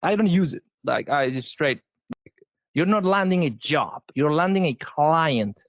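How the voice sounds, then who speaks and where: Spanish-accented man, emphatic, higher voice. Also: lively intonation, measured pace, no echo, dull audio. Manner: emphatic, repeats words when restarting. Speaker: sales guest. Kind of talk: casual interview.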